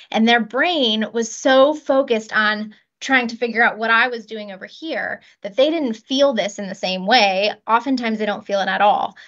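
A woman's voice: medium pitch, a bit bright, lo-fi sound. A woman in her thirties, a child life specialist, explaining practical techniques step by step in an interview. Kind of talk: podcast interview.

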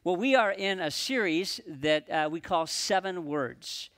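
A man preaching a sermon as pastor at a live church service, earnest, slowing down and dropping his voice for emphasis. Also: high-pitched, animated, a bit bright.

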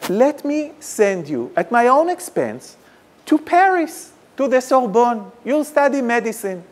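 Genial older father, coaxing and generous, as a man puts him on in a told story; sits high in the voice. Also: very animated, measured pace, full character voice. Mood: persuasive.

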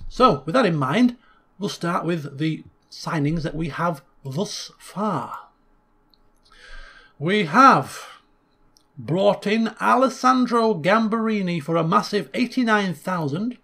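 A man with a fairly high voice talks through a football management game in a casual, opinionated way. He is lively and full of wry, grumbling asides. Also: gravelly. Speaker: video game commentator. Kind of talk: casual gameplay commentary.

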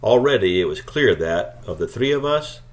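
A man reads a novel aloud in a calm, steady narration. His voice sits fairly low and unhurried, carrying the first-person story plainly. Scripted audiobook reading. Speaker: audiobook reader.

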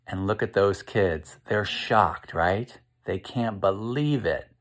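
Slow, gentle man reading aloud. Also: fairly low pitch. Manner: slow, gentle, asks children questions. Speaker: storyteller reading to children. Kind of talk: interactive read-aloud.

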